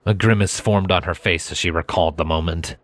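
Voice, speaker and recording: A man reading a fanfiction story aloud in steady, measured narration. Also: low voice, no echo. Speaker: fanfiction reader.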